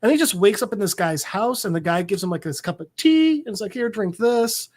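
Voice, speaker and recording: Podcast co-host, mid-pitch, casual recap, loose and rambling with fillers, slips into character voices for quotes. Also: big pitch swings, fast talker. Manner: rambling storytelling with many fillers.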